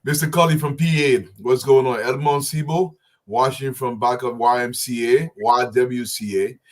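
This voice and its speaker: Man casually shouting out viewers. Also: medium pitch, steady tone, moderate pace. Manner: casual, calls out viewers' names with friendly slang. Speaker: show co-host. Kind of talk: live show greetings.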